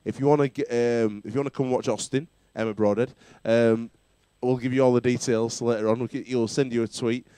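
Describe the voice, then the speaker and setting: A man's voice: mid-range voice, steady tone, a little fast, hardly any pauses, dark tone, clean tone, dry recording. A man hosting a casual rugby chat show, bantering and laughing often. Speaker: talk show host.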